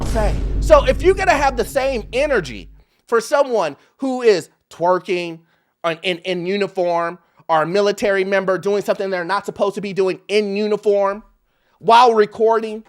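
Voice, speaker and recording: A man's voice: sits high, moderate pace. A man hosting a commentary show, reacting to clips with laughter and talking straight to his viewers. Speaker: host. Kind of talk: commentary on social media clips.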